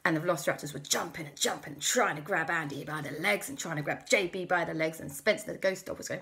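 A woman's voice: fairly low pitch, fairly quick. A woman host telling a playful, improvised children's story. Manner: playful, lively, many character voices.

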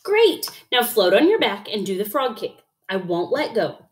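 A woman's voice: mid-range voice, sing-song, moderate pace, close to an everyday voice. Woman doing a sing-song coaxing mother frog. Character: patient, cheerful mother frog coaxing her son. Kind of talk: storybook read-aloud.

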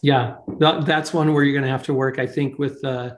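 A man's voice: mid-range voice, flat delivery, moderate pace. A man leading a staff meeting over a video call, thinking aloud with fillers. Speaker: meeting leader. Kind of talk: online staff meeting discussion.

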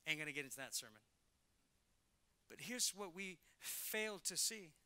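Male pastor, sermon, high bright voice, animated, slangy. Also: moderate pace. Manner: animated, acts out Bible characters in casual slang.

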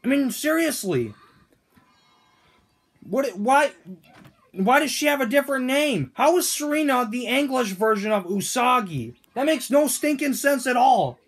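A man's voice: very high-pitched, animated, a little slow, gravelly, breathy edge, full character voice. A man voicing Toad as a grumpy, whiny male figure in a fan-made cartoon, ranting with indignant questions.

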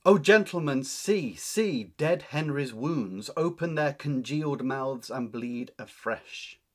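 A grieving noblewoman who spits out curses at the enemy before her, read aloud by a man. The verse is declaimed with growing force, and the voice turns husky and breathy at the edges. It sounds like a dramatic reading from a play. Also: medium pitch, sing-song, moderate pace. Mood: accusing.

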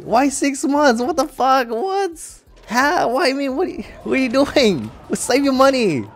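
A man's voice: very high-pitched, very animated, moderate pace. Rowdy laughing tipsy streamer guy. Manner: loud, joking, laughing often. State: tipsy from drinking. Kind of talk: casual live-stream chat.

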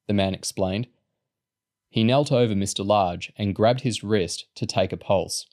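A man narrates a novel chapter in a low, measured voice. His delivery is steady and unhurried, a plain storytelling read. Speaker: audiobook reader.

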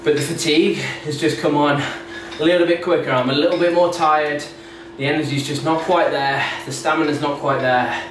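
A man's voice: a little high, steady tone, normal speed, hardly any pauses. A young man, a fitness vlogger, chatting casually and rambling between sets in his home garage gym, often correcting himself. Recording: echoey garage with loud background noise.

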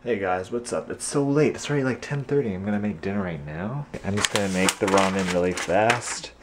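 A man's voice: fairly low pitch, over loud music. A young man in his twenties filming a casual daily vlog at home, chatty and laughing often as he talks to his camera. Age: 20s. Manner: chatty, laughs often, asks quick questions. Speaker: vlogger. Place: home kitchen, indoors.

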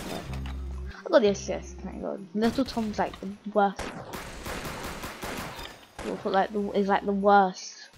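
A woman's voice: mid-range voice, fairly even intonation, unhurried, gravelly, long pauses, music in the background. A woman giving casual gameplay commentary, rambling and teasing opponents while mocking her own play. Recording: recorded over loud gunfire game sounds. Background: game gunfire and sound effects.

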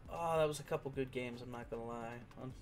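A man's voice: medium pitch, fast, soft background music. A young man giving playful, casual commentary over a game he is playing, singing along and slipping into goofy voices. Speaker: gaming streamer.

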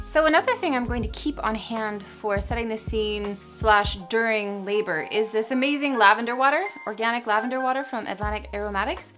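A woman's voice: mid-range voice, fairly bright tone. A young pregnant woman chatting casually to camera about things she loves, bubbly and gushing, a little out of breath, with frequent laughs. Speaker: vlogger. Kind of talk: casual product chat to camera.

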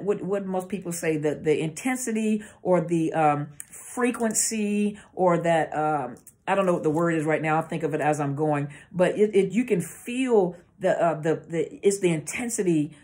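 A therapist speaks informally to camera to educate viewers about narcissistic abuse, her conversational style marked by searching for words and restarting lines. She's a woman with a lowish, slightly mellow voice, recorded through the camera mic.

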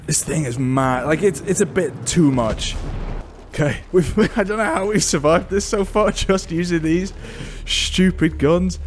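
A man's voice: on the high side, normal speed, a little hiss or hum. A man giving casual let's-play commentary, muttering to himself and breaking into frustrated outbursts. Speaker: gaming YouTuber. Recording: game gunfire and explosions behind voice. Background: game gunfire and explosions.

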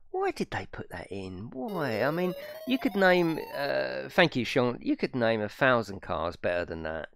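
Guy streaming, swears a lot, laughs, pitch jumps all over, dry close mic. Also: no echo. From United Kingdom. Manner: chatty, swears freely, laughs often, reads chat aloud. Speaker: gaming streamer. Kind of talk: casual live-stream chat.

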